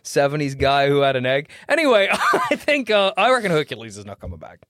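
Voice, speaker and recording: A man's voice: a little high, huge pitch swings, brisk, a bit bright, dry recording. A man co-hosting a podcast in casual chat, easygoing, laughing often and steering the talk. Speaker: podcast co-host.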